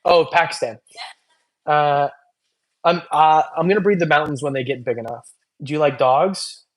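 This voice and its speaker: A man's voice: on the high side, fairly even intonation, moderate pace. A man hosting a long casual livestream, reading chat comments aloud and joking loosely, tired after hours on air. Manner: loose, rambling, joking, many fillers. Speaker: reptile channel host.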